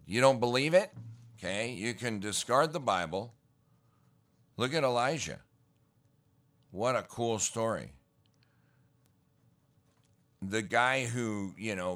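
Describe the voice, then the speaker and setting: Middle-aged male preacher, deep unhurried delivery, folksy sermon with emphatic peaks. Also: a bit bright. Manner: folksy, slangy storytelling with rising emphatic bursts. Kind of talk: casual sermon.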